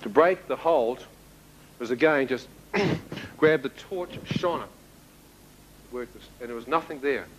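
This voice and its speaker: A man giving a spoken testimony to an audience, telling his story in an animated way and acting out the dialogue. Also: mid-range voice, a little slow, long pauses, a little hiss or hum, poor audio. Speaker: speaker giving a personal testimony.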